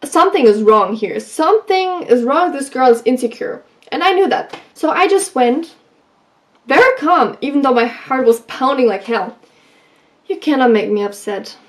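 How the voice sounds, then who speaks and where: A woman vlogger giving advice in a casual, animated way, telling stories from her school days and acting out what people said. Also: high-pitched, normal speed. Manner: animated, acts out quoted lines. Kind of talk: casual storytelling advice vlog.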